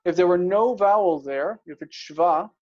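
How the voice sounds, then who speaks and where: A man teaching a casual Hebrew grammar lesson, explaining step by step and repeating words slowly. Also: sits high, darkish tone. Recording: dull lo-fi recording.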